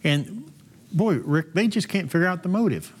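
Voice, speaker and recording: Lively, slightly raised husky male voice. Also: sits high, normal speed. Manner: agreeable, rhetorical questions. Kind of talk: talk show banter.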